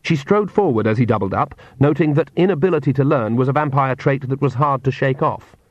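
A male audiobook narrator with a mid-range voice who tells the story in a measured, clear way. The sound is dull and dry, with no room echo. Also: mid-range voice.

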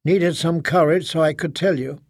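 A man's voice: fairly high pitch, fairly even intonation, moderate pace, darkish tone, no echo, studio quality, voice pushed up. A man voicing a frightened grown daughter in an audiobook, speaking in a pleading, tremulous way. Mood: anxious. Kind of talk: audiobook character voice.

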